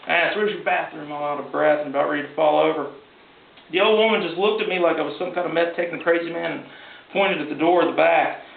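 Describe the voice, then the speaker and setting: A man reading his own story aloud at a live event in a gallery, in a plain, wry, unhurried way. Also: on the high side, gravelly. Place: art gallery. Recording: echoey gallery from far off, tinny with hiss.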